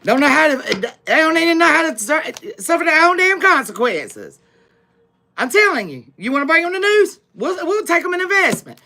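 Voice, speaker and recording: A woman's voice: high-pitched, big pitch swings, a little fast, bright, forceful tone. A woman giving a live tarot reading, talking in a sassy, emphatic way straight to her viewers, with frequent laughs. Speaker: tarot reader.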